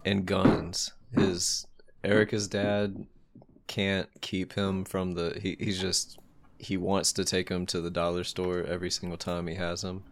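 A man's voice: sits low, flat delivery, unhurried, slight background noise. A man co-hosting a podcast with laid-back, chuckling banter. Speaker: podcast co-host. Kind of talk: casual podcast chat.

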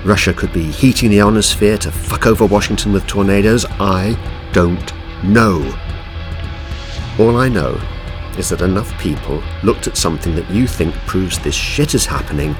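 Brief: a man voicing a desperate captive scientist, deep and strained, audiobook. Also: moderate pace, music in the background, close to an everyday voice. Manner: strained, pleading, raised voice. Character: desperate tortured male scientist. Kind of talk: audiobook reading.

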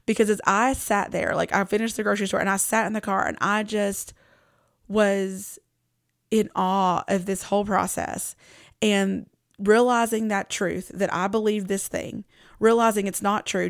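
A woman with a gravelly, fry-tinged voice hosts a devotional podcast in an earnest, reflective manner. She speaks close to the mic in a dry, dead-sounding space, at a middling pitch. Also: little pitch movement, normal speed, dry recording. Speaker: Christian podcast host. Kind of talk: casual devotional podcast talk.

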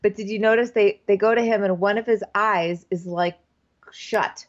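A woman's voice: mid-range voice, fairly even intonation, normal speed. A woman co-hosting a casual comedic recap chat, retelling scenes and quoting people in put-on voices. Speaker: podcast co-host. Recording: dull lo-fi sound.

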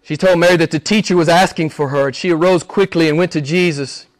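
A fast-talking pastor preaches with a steady tone, posing question after question to the congregation. Even so, he surges to loud, emphatic peaks and retreats into hushed, low asides.

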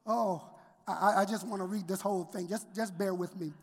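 A woman's voice: medium pitch, expressive, normal speed, husky, in a large hall. A woman preacher giving an emphatic sermon, urging the congregation to answer back. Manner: emphatic, exhorting the congregation, call-and-response.

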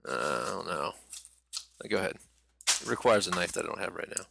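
A man co-hosting a podcast, cutting in with quick teasing remarks. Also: low voice, lively intonation. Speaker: podcast co-host. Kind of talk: casual podcast chat. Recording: clear background noise.

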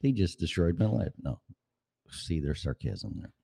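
Man, Chicago accent, low pitch, lively swings, sarcastic, profane, rambling. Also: normal speed, vocal fry, husky. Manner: profane, sarcastic, jumps between jokes and voices. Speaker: vlogger. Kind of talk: casual rambling monologue.

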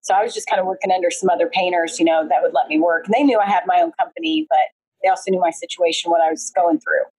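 Casting: woman, husky voice, chatty guest storyteller on a video call. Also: lowish voice, animated, fast talker, a little mellow, low-quality recording. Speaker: guest, painting business owner. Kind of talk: casual conversational interview. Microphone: remote video call.

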